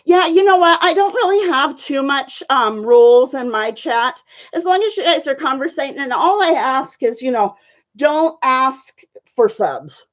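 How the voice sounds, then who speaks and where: While painting live, a woman with a high, lively voice chats loosely with viewers at a measured pace, greeting them by name. Her friendly talk is packed with fillers like "you know" and "um," and her home-stream mic sounds dull and lo-fi.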